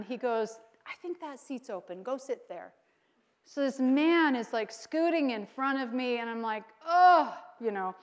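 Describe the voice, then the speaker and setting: Woman pastor preaching with animated storytelling. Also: high-pitched. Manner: animated storytelling, acting out quotes, frequent laughter. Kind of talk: sermon with personal story.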